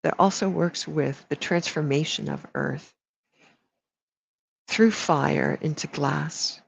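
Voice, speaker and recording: A woman energy healer gives a live energy reading, speaking affectionately to each person, calling them sweetheart and baby, and drawing out her words. Her voice is low-pitched, slow, creaky and slightly rough, with no echo, on dull lo-fi audio.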